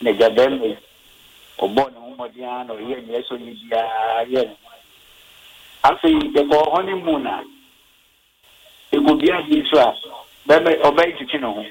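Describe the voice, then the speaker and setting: A man with a Ghanaian accent calling into a radio show and telling a story with animated delivery. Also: medium pitch, normal speed, long pauses, slight background noise, poor audio. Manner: animated storyteller, code-switching. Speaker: radio caller. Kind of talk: phone-in storytelling.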